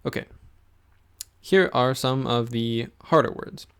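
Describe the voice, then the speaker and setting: A man teaching a pronunciation lesson, saying each word slowly and repeating it so the listener can follow along. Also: medium pitch, vocal fry, a bit bright, clean tone. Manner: slow, patient, repeats words for the listener. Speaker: language teacher.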